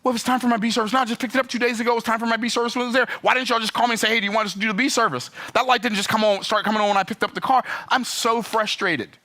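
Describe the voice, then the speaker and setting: Animated, bright-voiced man ranting. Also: very fast, few pauses. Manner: animated, emphatic storytelling with pitch jumps. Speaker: business vlogger. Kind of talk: opinionated talking-head rant.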